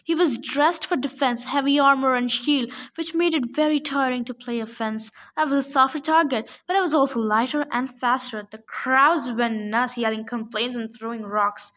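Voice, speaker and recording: High-voiced woman reader, steady novel narration, occasional slips. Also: moderate pace, few pauses. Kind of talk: reading a novel aloud.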